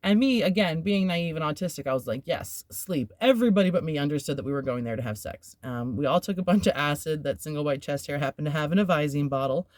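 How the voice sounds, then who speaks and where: A woman's voice: low-pitched, lively intonation, fast, hardly any pauses, darkish tone, no room sound, studio quality. A woman hosting a podcast, telling a personal story in a candid, rambling way, with filler words and nervous laughs. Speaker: podcast host.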